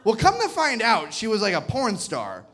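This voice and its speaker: A male stand-up comedian with a high voice that leaps around as he tells a crude story. His delivery is animated and punctuated by his own laughter. He is on a comedy club stage, speaking into a handheld mic. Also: normal speed. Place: comedy club stage before a live crowd.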